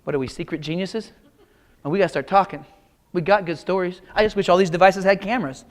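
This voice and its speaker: A man's voice: high-pitched, fast talker. A middle-aged man from Kansas giving a keynote talk, telling folksy jokes and speaking straight to the audience. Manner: folksy, joking, audience-addressing. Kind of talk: motivational keynote storytelling. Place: large auditorium.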